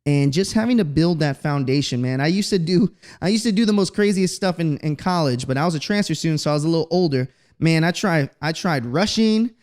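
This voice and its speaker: A man's voice: a little high, brisk, hardly any pauses. A man from Texas hosting a podcast, telling stories in a casual, slangy, profane way. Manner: profane, slangy, animated storyteller. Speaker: podcast host. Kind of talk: casual storytelling monologue.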